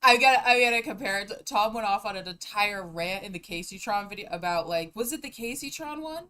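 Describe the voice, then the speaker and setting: A woman's voice: medium pitch, expressive, a little fast, sharp tone. A young woman streamer chatting casually on a live stream, giggling and breaking into helpless laughter as she talks.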